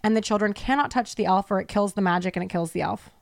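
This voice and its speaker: A woman co-hosting a podcast in casual chat, telling stories in an animated way and swearing freely. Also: medium pitch, quick pace, creaky. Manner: animated, profane storytelling. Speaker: podcast co-host.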